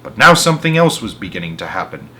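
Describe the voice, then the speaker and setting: Expressive man reading a storybook. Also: sits low, fast talker. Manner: expressive, with small slips and restarts. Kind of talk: reading a children's book aloud.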